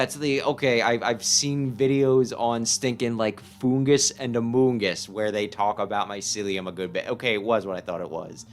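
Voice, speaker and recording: A man's voice: mid-range voice, steady tone, normal speed, few pauses, slight background noise. A man casually playing a game on stream, reading its text aloud and reacting with wry, swearing asides. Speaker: let's-play gamer.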